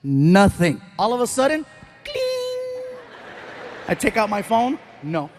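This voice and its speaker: A middle-aged male comedian with a very high voice, telling animated stand-up stories on a live stage. He acts out voices and sound effects as he talks, with faint venue noise behind him. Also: fairly quick. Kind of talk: stand-up storytelling.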